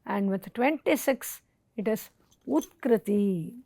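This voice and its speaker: A woman lecturer giving an educational talk, reciting Sanskrit verses and technical terms in a slow, deliberate way. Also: mid-range voice, animated, warm tone, no room sound, clean studio sound. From India.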